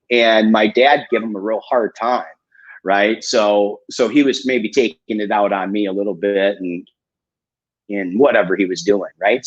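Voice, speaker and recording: A man's voice: on the low side, slightly rough. Candid, profane man telling his story. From Michigan, USA. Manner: candid and profane, with many fillers. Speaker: guest coach. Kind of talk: casual storytelling in a live interview. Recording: dull lo-fi online stream.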